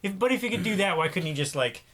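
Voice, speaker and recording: A man's voice: sits high, animated, a bit bright. Joking young man, faint hiss. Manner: joking, quick asides. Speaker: reaction show host. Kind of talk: casual chat.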